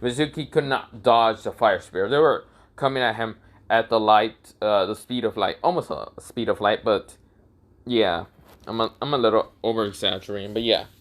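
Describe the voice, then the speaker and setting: A man's voice: fairly low pitch, normal speed. Rambling casual male storyteller. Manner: rambling, casual, with fillers and self-corrections. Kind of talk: improvised fan story narration.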